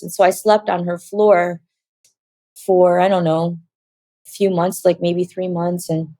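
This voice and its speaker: A middle-aged woman telling her personal testimony in a soft, halting, reflective way, with many pauses and fillers. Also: on the low side, little pitch movement, no echo. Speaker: interview guest sharing her testimony.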